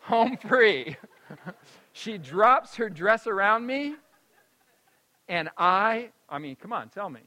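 Man, personal storytelling, high voice, bright and forceful, animated, laughs often, moves between loud and hushed. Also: slow, pauses often, rough recording.

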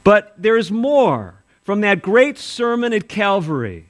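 A man preaching a sermon, quoting scripture aloud and swinging between emphatic rises and quiet drops. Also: high-pitched, big pitch swings, takes it slowly. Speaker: pastor.

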